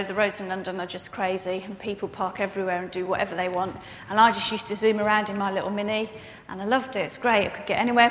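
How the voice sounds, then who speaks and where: A woman's voice: medium pitch, a little hiss or hum. Woman preaching in a reverberant hall. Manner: earnest, turns animated and expressive when telling a story. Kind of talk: sermon with personal story. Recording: echoey hall with long reverb.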